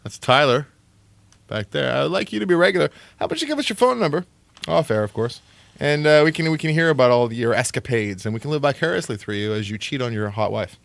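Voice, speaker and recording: A male radio host talks from a studio in a lively, sarcastic way at a middle pitch, swearing freely as he jokes with callers and co-hosts. The sound is dry and close, with no room around it. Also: quick pace, gravelly, dry recording. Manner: animated, sarcastic, cursing freely. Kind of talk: late-night radio aftershow chat.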